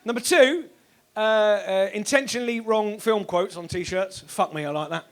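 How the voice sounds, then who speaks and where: A man performing a sweary, animated stand-up comedy set on a club stage, now and then bursting into shouts. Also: high voice, moderate pace. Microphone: stage microphone.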